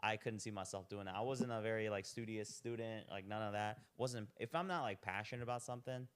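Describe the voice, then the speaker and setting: A man's voice: fairly low pitch, quick pace, clear, resonant tone. A young man telling his story as a podcast guest in a laid-back, rambling way, full of "like". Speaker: podcast guest, restaurant owner. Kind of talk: casual chat.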